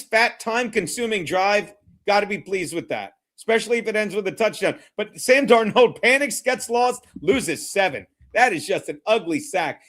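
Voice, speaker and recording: A man's voice: sits high, a bit bright. A man hosting a live football watchalong stream, reading chat and calling plays in a brash, mocking, rambling way with heavy swearing. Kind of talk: profane live sports watchalong commentary.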